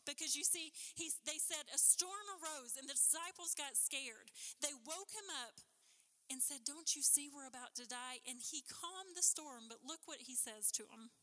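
High, bright woman preaching in a chapel. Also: normal speed. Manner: rising to impassioned questioning, dropping to hushed emphasis. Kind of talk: sermon. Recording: chapel with long reverb.

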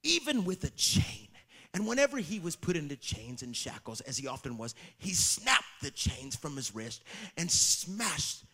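A man preaching a sermon, swinging from shouted lines to hushed whispers. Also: a little high, big pitch swings, unhurried.

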